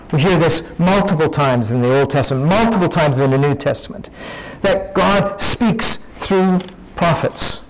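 A man's voice: fairly high pitch, poor audio. A man preaching a sermon, teaching in a conversational way, often restarting his sentences.

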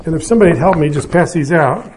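Older man giving a warm-toned marriage talk. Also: fairly high pitch, lively intonation, fast, a little hiss or hum. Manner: conversational, self-deprecating, with frequent restarts. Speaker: pastor. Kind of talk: evening marriage seminar talk.

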